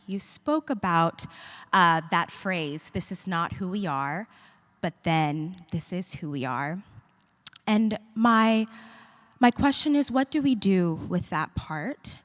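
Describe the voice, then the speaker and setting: A woman's voice: medium pitch, sharp tone. A woman from the audience asking a question, friendly and hesitant as she searches for words. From North Carolina. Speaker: audience member. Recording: reverberant church hall.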